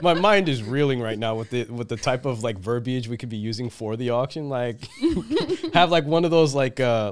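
A man's voice: mid-range voice, very animated, normal speed, dry recording. A man co-hosting a podcast, joking around and reading comments. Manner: joking, laughs often. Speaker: podcast co-host. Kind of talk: casual chat.

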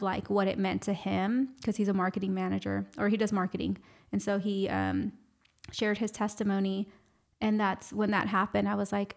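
Young woman, gravelly voice, flat pitch, chatty storytelling in an interview. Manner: chatty, animated, frequent "like" and quoted dialogue. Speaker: guest, clothing brand owner.

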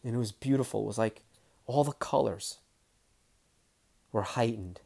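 Man, mid-pitched, personal storytelling; blunt, swears, acts out the other voices. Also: moderate pace, vocal fry, a little mellow. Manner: candid, swears freely, acts out dialogue; emotional, close to tears. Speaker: guest telling his story.

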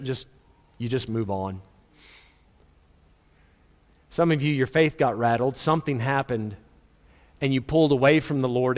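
A man preaching a sermon, acting out little dialogues and chuckling at his own stories. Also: fairly high pitch. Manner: animated, acts out dialogue, laughs at own stories. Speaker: pastor. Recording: long hall reverb.

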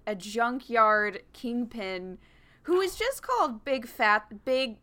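A woman on a casual movie podcast with a fairly high, very bright voice. She chats eagerly, savouring the funny scenes she describes. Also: animated, takes it slowly. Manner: chatty, recounts scenes with relish. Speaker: podcast co-host. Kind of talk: casual movie review chat.

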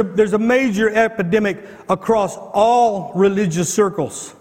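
A male pastor preaching a fervent sermon, repeating himself and firing rhetorical questions, at times rising to shouts. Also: sits high. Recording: long hall reverb.

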